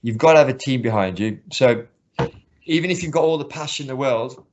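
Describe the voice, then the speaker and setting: A man coaching martial arts talks things through in an earnest, rambling way, doubling back on his words. His voice sits at an ordinary middle pitch. The recording is a bit dull and lo-fi. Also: fairly quick, slight background noise. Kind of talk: casual interview talk. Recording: slightly muffled lo-fi recording.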